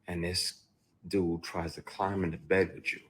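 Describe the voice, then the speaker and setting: A man's voice: low-pitched, level tone, a little slow, a little hiss or hum. A man, an actor, telling a personal story bluntly and emotionally, with frequent profanity and restarts. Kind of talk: candid first-person storytelling.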